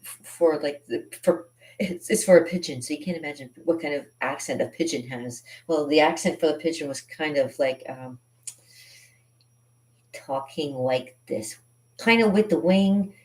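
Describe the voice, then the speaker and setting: Low-voiced chatty woman artist. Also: fairly quick, darkish tone. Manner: chatty and rambling, with frequent laughs. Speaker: artist hosting a live drawing stream. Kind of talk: casual live drawing tutorial.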